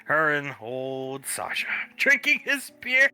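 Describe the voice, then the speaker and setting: A man's voice: on the high side, sing-song, takes it slowly, bright, forceful tone, smooth, soft background music. A man chatting in character during a tabletop role-play, telling a story with laughs and narrating his own actions.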